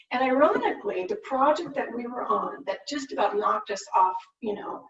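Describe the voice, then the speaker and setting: A woman's voice: on the high side, expressive, normal speed, hardly any pauses. A woman business owner giving a candid personal talk, storytelling and acting out quotes from her past. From United States. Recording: muffled, roomy, distant mic.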